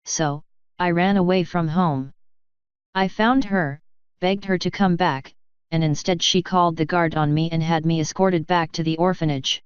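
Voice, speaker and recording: A woman's voice: on the low side, steady tone, normal speed, clean tone, no echo, close to an everyday voice. A woman voicing a young male pony, an orphan thief who brushes off sympathy, in a guarded, matter-of-fact way; dull lo-fi recording. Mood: reflective.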